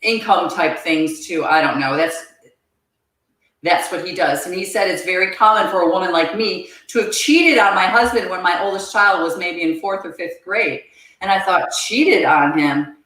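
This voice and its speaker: A woman guest on a podcast, telling her personal story in an earnest, halting way and repeating words as she goes. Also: lowish voice, fairly bright tone. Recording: very echoey room.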